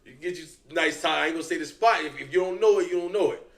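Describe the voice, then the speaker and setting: A man's voice: fairly high pitch, racing, vocal fry. A young man giving loose, profane reaction commentary and talking straight to his viewers. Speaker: reaction streamer.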